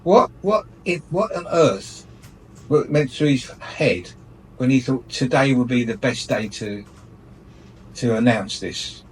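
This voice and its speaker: A man's voice: mid-range voice, lively intonation, slow pace, recorded from a distance, a little hiss or hum, rough recording. A man ranting with indignation in a light-hearted radio chat, laughing often. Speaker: radio show regular airing his gripes.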